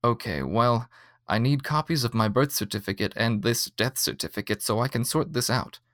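A man's voice: medium pitch, animated, moderate pace, a bit bright, no room sound, natural voice. A man voicing an adult woman caught in a bureaucratic mix-up, speaking in an annoyed, insistent way, in a dry reading. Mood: exasperated.

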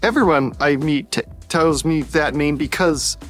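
A woman's voice: deep voice, a little slow, voice pushed down. A woman voicing a nervous, apologetic young man who stammers, over faint music.

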